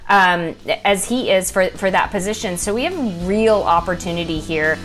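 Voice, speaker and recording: A woman's voice: lowish voice, normal speed, fairly bright tone, soft background music. A woman co-hosting, upbeat and chatty in a casual conversation. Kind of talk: casual chat.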